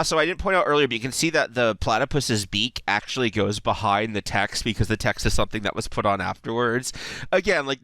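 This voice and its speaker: Bright, chuckling man. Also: medium pitch, no room sound. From United States. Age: 30s. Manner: rambling and enthusiastic, lots of "like" and chuckles. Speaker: video commentator. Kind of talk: casual video commentary.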